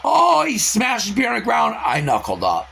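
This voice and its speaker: A man venting in a casual vlog, telling stories with loud quoted outbursts and swearing. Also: very high-pitched, moderate pace, gravelly, a little hiss or hum. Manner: animated storytelling with loud quoted outbursts and profanity. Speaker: car reseller vlogger.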